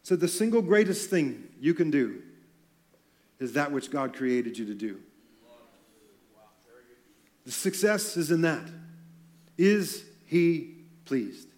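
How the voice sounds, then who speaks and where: A man's voice: fairly high pitch, sing-song, slow, pauses often, darkish tone. A man preaching a sermon on stage in a church, talking in a loose, conversational way with joking asides. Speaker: pastor.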